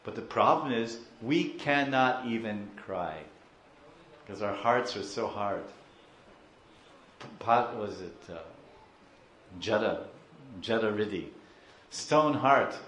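A man giving a slow, emotive devotional sermon, acting out crying devotees. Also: lowish voice, expressive, a bit bright, roomy sound, a little hiss or hum. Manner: slow, emotive, acts out crying devotees and mixes in Hindi and Sanskrit terms. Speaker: spiritual teacher.

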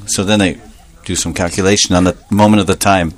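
A man telling a devotional story as a sermon, animated and playful, laughing often and adding joking asides. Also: fairly low pitch, fast talker, few pauses.

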